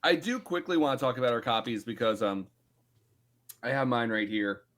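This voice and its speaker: Animated, swearing podcast co-host man. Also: medium pitch, normal speed. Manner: animated, swears freely, self-mocking. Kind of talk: casual book club chat.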